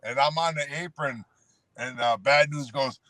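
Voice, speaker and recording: Against a noisy background, a man with a mid-range voice talks at a moderate pace. He's a former professional wrestler telling road stories as a guest, casual and rambling, with frequent "you know"s and the host addressed as "brother."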